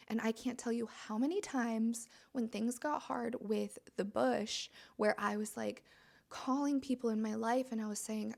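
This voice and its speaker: A woman's voice: fairly high pitch, steady tone, a little slow, creaky, darkish tone. A woman hosting a podcast, speaking in a chatty, emphatic, motivational monologue and filling her sentences with "like.". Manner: chatty, emphatic, heavy use of "like". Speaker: podcast host.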